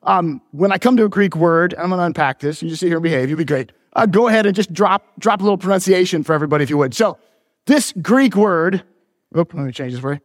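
A man's voice: high voice, lively intonation, quick pace, dry recording, clean studio sound, long reverb tail. A pastor in his forties, preaching a sermon in a church, mixing joking teases with earnest preaching. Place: church sanctuary.

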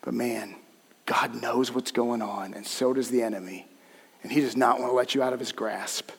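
A man preaching a sermon as pastor, direct and conversational with his congregation, swinging between hushed and loud emphasis. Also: medium pitch, fairly even intonation, moderate pace, vocal fry, slightly rough, big-room sound. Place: church sanctuary.

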